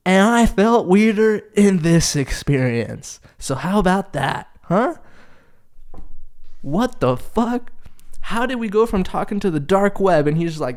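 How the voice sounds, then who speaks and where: A young man hosting a casual solo podcast, telling stories in an animated, profane, exasperated way. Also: high voice, a little slow. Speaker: podcast host.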